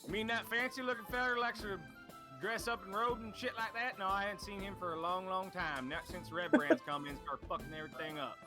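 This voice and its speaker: Crude, rambling tavern barkeep who swears freely, played by a man, slightly high voice, music under it. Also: fast talker, close to an everyday voice. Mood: gruff. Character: folksy crude male barkeep, gruff and talkative.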